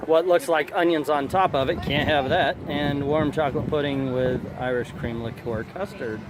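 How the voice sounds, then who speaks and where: A man's voice: fairly high pitch, fairly even intonation, normal speed, heavy background noise. A man hosting a casual food vlog outdoors at a theme park festival, joking and reading menu items aloud. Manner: jokey, chatty, reads menu items aloud. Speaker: vlogger host. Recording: outdoor festival with loud background music. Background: music playing nearby.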